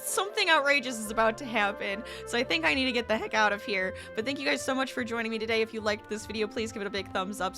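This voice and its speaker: A chatty, upbeat woman talks casually as she plays a game for her channel, laughing easily between thoughts. Her voice sits a little high, with music playing clearly behind her. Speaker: gaming YouTuber and streamer. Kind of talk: casual chat over gameplay. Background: background music.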